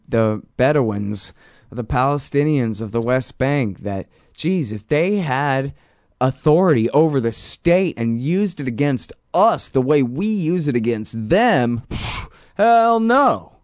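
Sardonic guy rambling on his commentary show, clear smooth voice, dead dry sound. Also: lively intonation, unhurried, darkish tone, dry recording. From Texas. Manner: sardonic, rambling, with sudden rises in pitch for emphasis. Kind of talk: casual spoken commentary.

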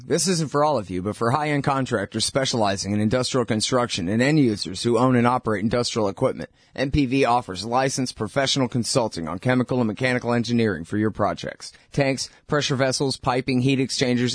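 A man reading a sponsor advertisement from a script in a brisk, steady manner. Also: mid-range voice, no echo, studio quality. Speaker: host reading an ad. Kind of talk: read sponsor ad.

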